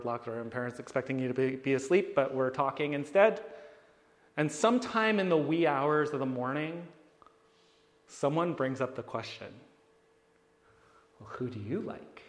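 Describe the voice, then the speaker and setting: A man giving a storytelling talk to a live audience, animated and acting out the people he describes. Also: medium pitch. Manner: animated, acts out the people in his stories. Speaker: speaker addressing an audience. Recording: long reverb of a hall.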